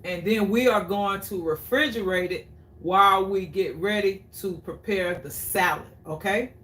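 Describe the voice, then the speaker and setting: A woman's voice: medium pitch, a little slow, a bit bright, a little hiss or hum. A woman hosting a live cooking demonstration in her kitchen, chatting to viewers and repeating her phrases for emphasis. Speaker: cooking show host. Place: home kitchen. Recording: roomy, distant from the mic.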